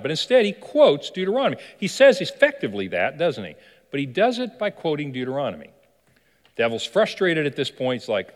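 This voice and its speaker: A man's voice: a little high, wildly swooping pitch, fairly quick. A man preaching a sermon as pastor, telling a story animatedly and asking the listeners questions. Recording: long hall reverb.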